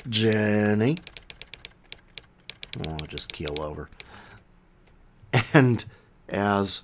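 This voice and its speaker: A man hosting his own podcast in casual solo talk, self-mocking and animated, swinging between loud bursts and muttered asides. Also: fairly low pitch, slight background noise. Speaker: podcast host.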